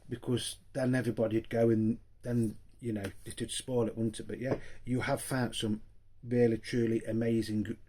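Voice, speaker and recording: Older male vlogger, mid pitch, emotional and grateful, lots of ums and repeated thanks. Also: flat delivery, normal speed, hardly any pauses, warm tone, slight background noise. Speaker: vinyl collector vlogger. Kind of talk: casual vlog to viewers.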